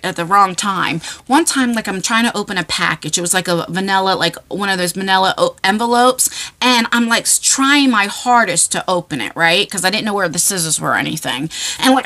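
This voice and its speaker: Bright, chatty woman telling stories. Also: medium pitch. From New Jersey shore area. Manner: animated, chatty, laughs often, many fillers. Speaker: vlogger. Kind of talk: casual storytelling to camera.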